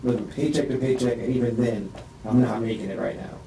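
A distressed man in a police interview room rambles through a halting statement, full of restarts, his voice rising and strained. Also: medium pitch, fairly even intonation, mellow. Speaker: suspect being questioned. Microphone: distant room microphone. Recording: echoey room, distant mic, faint hiss.

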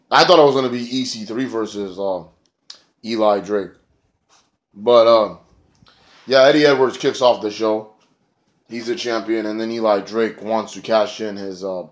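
A man feeling sick and snotty, giving a casual, profane, rambling review of a wrestling show, with lots of filler words. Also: mid-range voice. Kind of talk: casual spoken review vlog.

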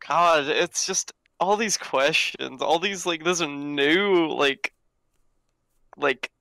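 A man's voice: a little high, slow pace, creaky, pushed and bright, no room sound. A man co-hosting a podcast in casual chat, often trailing off while searching for words. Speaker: podcast co-host.

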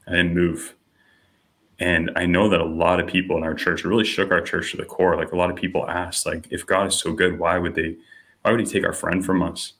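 A young man with a low, deep voice that still has a bright, forceful edge tells his story in a relaxed podcast chat. He leans on "you know" and "like" and slips into the voices of the people he quotes as he goes. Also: a little fast. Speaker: podcast guest. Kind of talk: personal testimony in casual conversation.

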